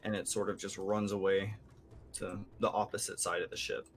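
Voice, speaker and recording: A man narrating as game master of a tabletop game, slow and rambling with many fillers. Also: low-pitched, flat delivery, slight background noise.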